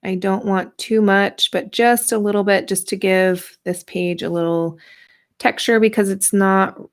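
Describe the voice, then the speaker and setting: A woman in her thirties hosts a relaxed craft livestream, rambling and playful as she greets viewers. Her voice has a gravelly fry to it. She talks at an unhurried, slow pace. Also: mid-range voice. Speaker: art journaling livestream host. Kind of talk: casual livestream craft demo.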